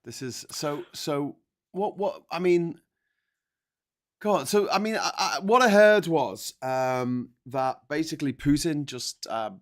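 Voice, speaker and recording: A man's voice: fairly high pitch, slow pace. Man with exasperated, sarcastic asides. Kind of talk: casual political chat.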